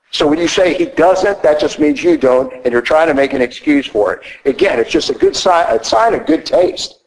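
Emphatic preaching man, slightly high voice. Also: low-quality recording. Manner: emphatic, conversational preaching with rising bursts. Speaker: priest. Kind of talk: sermon. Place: church.

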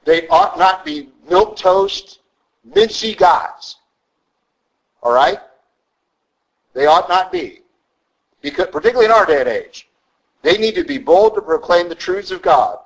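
A man's voice: high voice, very animated, a little slow, pauses often, poor audio. A man preaching a sermon as a priest, blunt and conversational with emphatic asides.

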